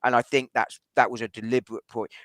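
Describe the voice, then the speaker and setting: A man on a casual football podcast, making his case quickly and carefully, often hedging and restarting. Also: medium pitch, flat delivery, a bit bright, no room sound. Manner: fast, reasoned, hedging with restarts. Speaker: podcast panelist.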